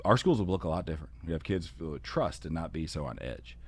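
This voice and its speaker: Deep-voiced earnest educator, conversational. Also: male voice, very animated, fast talker, slightly rough, no room sound. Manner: conversational, earnest, heavy with "you know" and "kinda". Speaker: educator and podcast host. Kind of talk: solo podcast talk.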